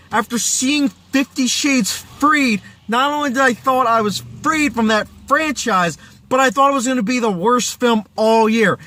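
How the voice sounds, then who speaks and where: A man's voice: extremely high pitch, pushed and bright, no echo. A man reviewing a film in a casual video, ranting in exasperation, losing his voice and talking straight to his viewers. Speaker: movie reviewer.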